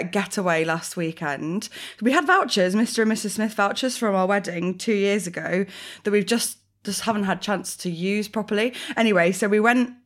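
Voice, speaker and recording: Chatty young woman, pregnant. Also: mid-range voice. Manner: rambling, animated storytelling with frequent fillers. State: eight months pregnant. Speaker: podcast co-host. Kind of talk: casual chat.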